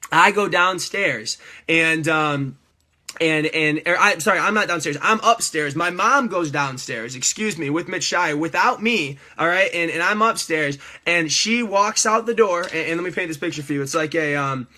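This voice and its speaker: A man telling a personal testimony on a livestream in an animated, emphatic way, repeating himself and often turning to his viewers with "all right?" and "guys". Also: a little high, normal speed. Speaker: livestream storyteller.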